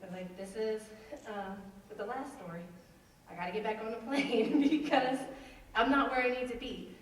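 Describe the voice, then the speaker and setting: A woman's voice: fairly high pitch, steady tone, normal speed. A woman presenting casually on stage, loose and chatty. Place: stage in a hall before an audience. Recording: very echoey hall, mic far off.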